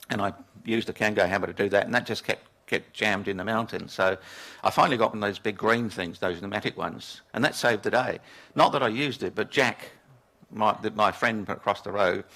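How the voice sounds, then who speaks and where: A man's voice: on the low side, a bit bright. An older man from England giving a storytelling keynote talk to a live audience, chuckling at his own anecdotes. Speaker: keynote speaker. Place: lecture room with audience.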